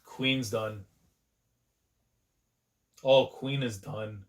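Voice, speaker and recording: A man hosting a live manga reaction, talking in an excitable, slangy way with frequent exclamations. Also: lowish voice, very slow.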